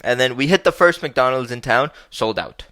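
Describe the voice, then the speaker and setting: Animated young man telling a joking story. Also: medium pitch, moderate pace, no room sound. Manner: animated, joking, swears casually. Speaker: podcast host. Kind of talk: casual storytelling.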